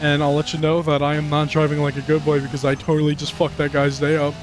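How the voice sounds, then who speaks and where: A man giving casual, profane commentary over a racing game, rambling and ranting with animated outbursts. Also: fairly high pitch, fast, noisy background. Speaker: gaming commentator. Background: game music and car engines.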